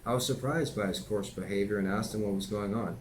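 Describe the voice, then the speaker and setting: A man's voice: lowish voice, brisk, a little hiss or hum, low-quality recording. A man reading his own memoir aloud in a plain conversational way, with occasional slips and offhand asides.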